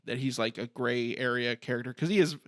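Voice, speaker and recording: A man's voice: medium pitch, fairly quick, dry recording, clean studio sound. A man co-hosting a horror podcast, talking casually about a film with many restarts and fillers. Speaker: podcast co-host.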